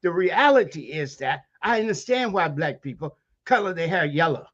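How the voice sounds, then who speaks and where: A man's voice: fairly high pitch, lively intonation, moderate pace, fairly bright tone, lo-fi sound. A man from Maryland's Eastern Shore with a Maryland Black vernacular accent, a university lecturer speaking as an interview guest in an emphatic, preacherly way with many rhetorical questions. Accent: Maryland Eastern Shore, African American Vernacular. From Maryland Eastern Shore, USA. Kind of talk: impassioned interview talk.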